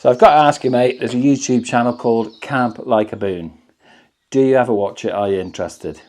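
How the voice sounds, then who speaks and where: A man's voice: medium pitch, a little fast, a little mellow, no echo. A man chatting cheerfully and jokily while filming his camp outdoors on a phone. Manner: chatty, jokey, enthusiastic. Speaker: camping vlogger. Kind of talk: casual vlog chat. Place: outdoors at a back-garden camp. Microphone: phone camera.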